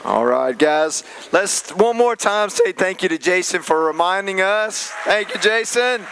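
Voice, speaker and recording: A slightly hoarse male pastor giving an earnest, conversational closing speech at an event. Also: high-pitched, expressive, measured pace, a crowd in the background, noisy background.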